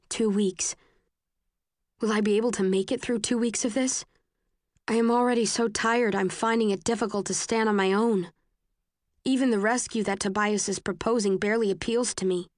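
A woman reading a first-person novel aloud in a measured, even way. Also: medium pitch, dry recording, studio quality. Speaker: audiobook narrator.

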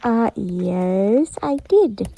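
A woman's voice: mid-range voice, expressive, extremely slow, gravelly, warm tone, slight background noise. A woman in casual chat with friends, grumbling at a glitchy app and muttering "ew" to herself.

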